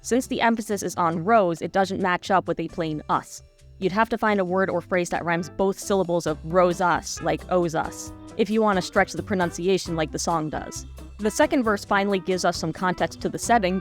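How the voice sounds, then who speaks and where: A woman narrating a scripted video essay in a wry, analytical manner. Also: fairly low pitch.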